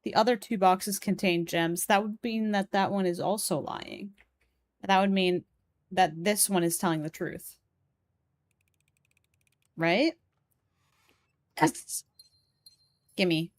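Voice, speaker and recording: A young woman with a Polish accent talks her way through a puzzle game on a live stream, her voice sitting a little low. She thinks out loud and stops to read letters and messages aloud. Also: fairly even intonation, takes it slowly, pauses often, no echo. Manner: chatty, thinks aloud, reads game text and chat aloud.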